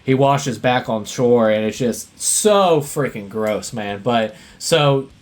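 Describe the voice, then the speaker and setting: A man's voice: medium pitch, lively intonation, slow. A man hosting a casual movie podcast, retelling scenes in a rambling way full of fillers and laughs. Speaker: podcast host.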